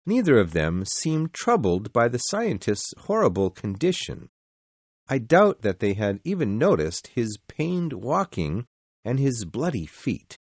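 A man narrating a story in the first person in a measured, expressive reading. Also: medium pitch, no echo.

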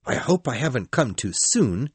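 A proper young gentleman, polite but reproachful, voiced by a man. His slightly husky voice moves with lively pitch. The storybook reading is dry and close. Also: normal speed, no room sound.

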